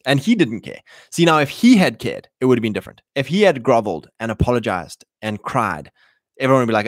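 A man hosting a casual monologue to his listeners, punchy and animated, acting out the voices he quotes. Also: mid-range voice, fast, no room sound, clean studio sound. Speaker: host.

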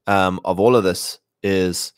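A man's voice: deep voice, fairly even intonation, slow, smooth, no echo, clean studio sound. A man hosting a podcast, talking in a casual, rambling monologue with many restarts and mocking put-on voices.

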